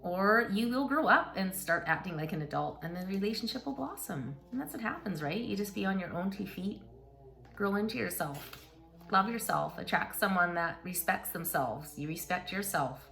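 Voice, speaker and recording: A woman's voice: medium pitch, lively intonation, normal speed, creaky, a bit bright, faint music behind. A middle-aged woman hosting a casual book talk, chatting and reading passages aloud in an encouraging way with asides to her listeners.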